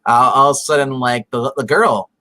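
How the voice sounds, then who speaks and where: A man co-hosting a casual review show, retelling scenes in an animated way and briefly doing the characters' voices. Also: mid-range voice, fairly quick. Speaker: podcast co-host.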